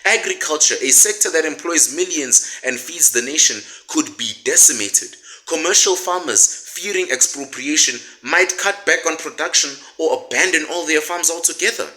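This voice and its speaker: A man's voice: on the high side, animated, normal speed, pushed and bright, low-quality recording. A man delivering scripted political commentary, sarcastic and indignant, full of rhetorical questions. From South Africa.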